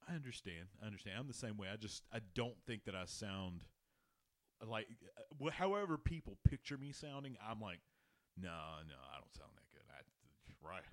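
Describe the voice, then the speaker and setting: A man's voice: on the low side, very animated, moderate pace, no echo. A man hosting a casual sports podcast, rambling, swearing and laughing as he talks. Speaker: podcast host.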